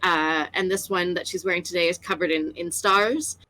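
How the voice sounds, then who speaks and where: A woman's voice: lowish voice, steady tone, moderate pace, pushed and bright, dry recording. Woman describing her rpg character, lots of uh and um, kinda unsure. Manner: hesitant, many fillers and restarts. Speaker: player.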